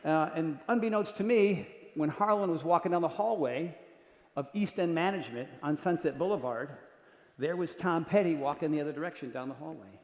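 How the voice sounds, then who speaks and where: A man giving a talk to an audience, telling jokey stories in an animated way and acting out voices. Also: on the high side, fairly quick. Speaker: keynote speaker. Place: large conference hall. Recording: echoey hall with long reverb.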